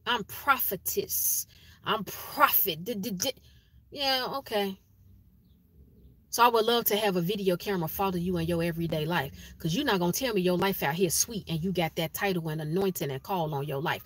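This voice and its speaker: A woman's voice: on the low side, fast talker, few pauses. A woman, giving a blunt, preachy monologue in casual vlog style and hammering home her points with repeated phrases. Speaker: spiritual vlogger.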